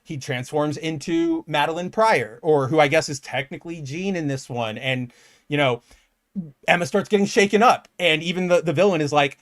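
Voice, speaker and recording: A man's voice: a little high, normal speed, fairly bright tone. A young man co-hosting a casual comic book podcast, talking animatedly and acting out quoted lines. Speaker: podcast co-host.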